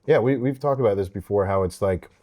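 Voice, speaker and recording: A comedian from South Jersey in casual chat over food at a restaurant, relaxed and quick to laugh, sometimes speeding up in short bursts. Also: male voice, lowish voice. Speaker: comedian guest.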